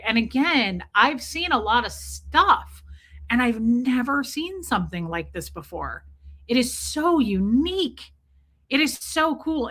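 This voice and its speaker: A woman's voice: a little high, bright, forceful tone. A woman chatting casually on a livestream, gushing over jewelry and greeting viewers by name. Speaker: livestream host.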